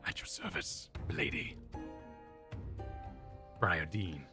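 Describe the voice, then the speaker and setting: A man growling out a creepy gravelly inspector. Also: big pitch swings, slow, over music, full character voice. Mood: menacing. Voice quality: low gravelly rasp. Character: creepy brooding male consulting inspector. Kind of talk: streamer reading game dialogue aloud.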